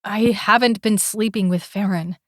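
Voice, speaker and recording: A woman voicing a defiant, sharp-tongued young woman in an audiobook, delivering biting, sarcastic retorts. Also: mid-range voice, moderate pace, no room sound, clean studio sound, close to an everyday voice. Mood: irritated. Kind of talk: audiobook character voice.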